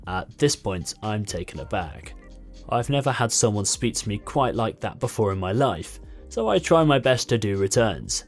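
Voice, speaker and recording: A man with a fairly low voice reads a story aloud, his pitch moving a lot as he tells it. The delivery is expressive and steady. Quiet music plays faintly underneath. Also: moderate pace. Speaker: narrator.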